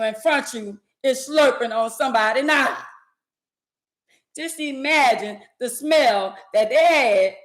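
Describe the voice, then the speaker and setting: A woman's voice: fairly high pitch, fairly bright tone, roomy sound. A woman vlogger delivering an indignant, emphatic rant to her viewers, repeating her phrases for effect. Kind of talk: ranting commentary to camera.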